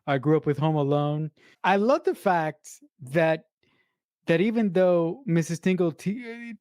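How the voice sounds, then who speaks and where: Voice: medium pitch, darkish tone, no echo. Podcast co-host, emphatic fan talk, casual swearing, dry close mic. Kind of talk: casual film-review chat.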